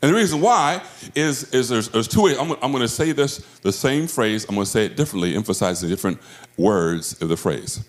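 A male pastor preaching a sermon, with emphatic delivery that swings between high, drawn-out phrases and low, quiet ones. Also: lively intonation. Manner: emphatic preaching with wide swings in pitch and loudness. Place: church sanctuary. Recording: roomy church echo.

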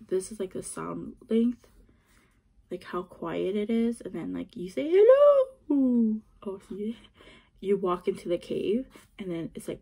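Gushy woman doing an unboxing on her phone, slow and a bit husky, keeps whispering and giggling. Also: mid-range voice, dark tone. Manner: gushing, giggly, often drops to a whisper. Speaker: vlogger unboxing an album. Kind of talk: casual chat to camera.

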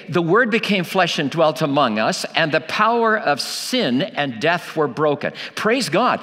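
A man's voice: a little high, pushed and bright, big-room sound. A man preaching a sermon, emphatic, asking rhetorical questions and repeating key lines for weight. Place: church.

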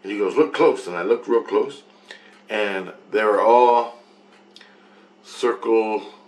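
Rambling, profane man, somewhat low voice. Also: steady tone, takes it slowly, a little mellow. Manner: repetitive, profane, loops back on phrases. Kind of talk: rambling personal account.

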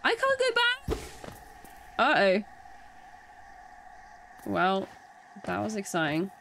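A woman giving excited gameplay commentary, exclaiming and panicking as she plays. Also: medium pitch, takes it slowly, creaky, a little hiss or hum. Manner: exclaiming, panicky, laughing often. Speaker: let's play streamer. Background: game music.

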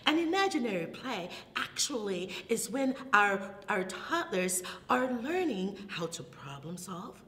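A woman librarian leads toddler storytime, her voice swooping up and down in a lively sing-song with delighted gasps and hushed asides. She talks at an unhurried pace. The recording has a long reverb tail and a faint low rumble behind it. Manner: slow, animated, sing-song, with delighted gasps and soft whispers. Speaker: children's librarian. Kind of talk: toddler storytime with rhymes and songs.

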